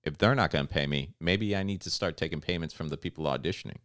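A man co-hosting a podcast, telling a story in a casual, animated way and acting out the voices of the people in it. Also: very deep voice, quick pace, no echo, clean studio sound. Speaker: podcast co-host and stand-up comedian.

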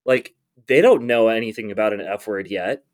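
A man's voice: lowish voice, moderate pace. A man in casual podcast chat, hesitant and joking, with many fillers.

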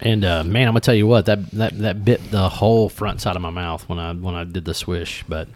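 A middle-aged man hosting a casual bourbon tasting podcast, rambling and animated with many fillers and restarts. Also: sits low, a little fast. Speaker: podcast host.

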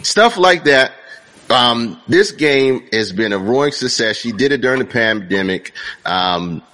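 A man's voice: medium pitch, lively intonation, measured pace, sharp tone. A man co-hosting a casual podcast, joking loosely and reading product names aloud. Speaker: podcast co-host.

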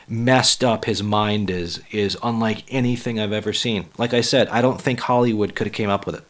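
A man hosting a solo podcast, blunt and profane, with a raspy voice as he gets over the flu. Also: on the low side, fairly bright tone. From Western Massachusetts. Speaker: podcast host and comedian. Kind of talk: casual solo podcast talk.

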